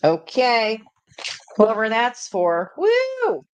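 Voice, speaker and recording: A woman's voice: fairly low pitch, unhurried, muffled recording. A woman giving a chatty live tarot reading, talking intuitively and laughing and exclaiming often. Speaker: tarot reader.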